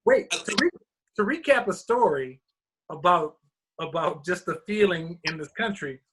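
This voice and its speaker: A man's voice: high voice, sing-song, normal speed, a crowd in the background. A man co-hosting a podcast in a casual chat, asking the questions and steering the talk. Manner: chatty, leads the questions. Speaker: podcast co-host.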